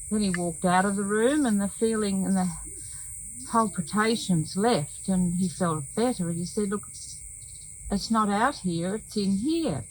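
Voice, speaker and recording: An older woman, telling a personal testimony in a slow, earnest way with many pauses. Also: medium pitch, slight background noise, rough recording. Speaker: women's talk show host.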